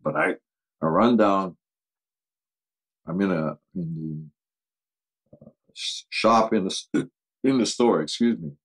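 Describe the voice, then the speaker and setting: An older man with a very low, deep voice spins casual stories from his coaching days. He laughs easily and slips into the voices of the people in his tales. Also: slow, pauses often, slightly rough, low-quality recording. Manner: animated anecdotes, acts out quoted voices, laughs often. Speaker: football coach guest. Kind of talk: casual storytelling interview.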